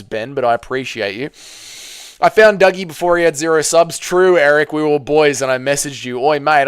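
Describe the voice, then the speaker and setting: A man's voice: a little high, clean tone, no room sound, studio quality. A man with an Australian accent hosting a casual livestream, reading chat comments aloud and answering with crude banter. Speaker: livestream host.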